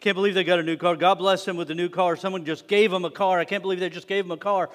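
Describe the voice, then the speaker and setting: A man preaching mimics a jealous churchgoer griping rapidly about someone's new car. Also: high-pitched, steady tone, fairly bright tone. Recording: long reverb of a worship hall.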